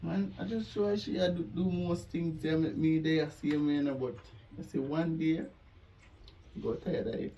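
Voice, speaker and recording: A woman's voice: sits low, fairly even intonation, measured pace, dark tone, recorded from a distance, highs cut off. A woman with a Jamaican accent, scolding and pleading in patois film dialogue.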